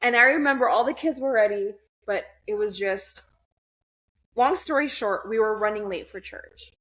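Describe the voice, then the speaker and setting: A woman's voice: mid-range voice, moderate pace, a bit bright. A young woman guest on a podcast, telling a personal story in a blunt, candid way, swearing freely and restarting her sentences.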